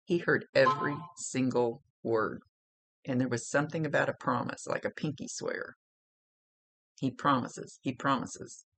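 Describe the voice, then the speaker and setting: A woman's voice: very deep voice, steady tone, unhurried, slightly rough. A middle-aged woman giving a recorded psychic reading in a chatty, emotional, blunt way, swearing freely. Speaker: psychic medium.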